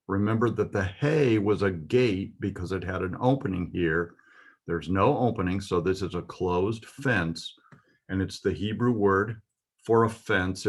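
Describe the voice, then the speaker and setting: A man's voice: low-pitched, husky. A man teaching a Hebrew alphabet lesson, patiently explaining and pointing out letters.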